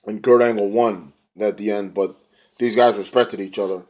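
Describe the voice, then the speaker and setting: A man's voice: on the low side, steady tone, moderate pace, darkish tone. A young man casually recapping a wrestling show, rambling in slang and now and then mimicking the wrestlers. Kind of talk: casual recap, retelling a show with quoted voices.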